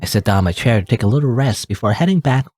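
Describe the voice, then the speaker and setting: A man's voice: mid-range voice, animated, very fast, a little mellow, husky, faint music behind. A man reading a story game aloud dramatically, with joking asides and laughs at his own slips. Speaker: let's play host.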